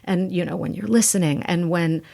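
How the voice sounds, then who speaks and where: A woman acting coach, a guest on a podcast, talking emphatically and bluntly in animated stretches. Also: lowish voice, brisk, vocal fry. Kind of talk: podcast interview.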